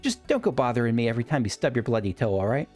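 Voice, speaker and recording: A man voicing a brisk, motherly woman who runs an adventurers' guild in a video game, breezy and teasing. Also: medium pitch, big pitch swings, darkish tone, soft background music. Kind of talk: reading game dialogue aloud.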